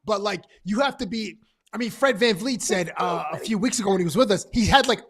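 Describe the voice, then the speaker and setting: A man's voice: high-pitched, a little fast, husky. A man co-hosting a sports talk show in casual chat, rambling and enthusiastic. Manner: rambling, many fillers and restarts, enthusiastic.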